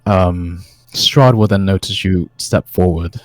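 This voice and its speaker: A man's voice: sits low, steady tone, slow pace, no echo, faint music behind, rough recording. A man narrating a tabletop game as game master, hesitant with many fillers.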